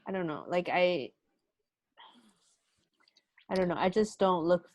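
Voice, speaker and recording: Young woman podcast co-host, low voice, dry sound, unsure and full of fillers. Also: measured pace, no echo, muffled recording. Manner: hesitant, lots of "like, I don't know". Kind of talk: casual chat.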